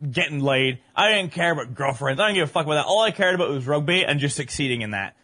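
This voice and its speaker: A man in his thirties talks with an accent that mixes English, Northern Irish and American sounds. He tells stories loosely, with laughter and casual swearing. His tone is bright and a bit high. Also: fast talker. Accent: mixed English, Northern Irish and American. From Northern Ireland and England, raised abroad. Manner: laughing, swearing, animated storyteller. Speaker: podcast guest. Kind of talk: casual chat.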